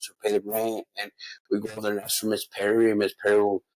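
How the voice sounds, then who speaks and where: A man's voice: on the low side, completely flat delivery, quick pace, a little mellow, no room sound, poor audio. A man hosting a casual chat, speaking earnestly and calling his guest bro and man. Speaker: host.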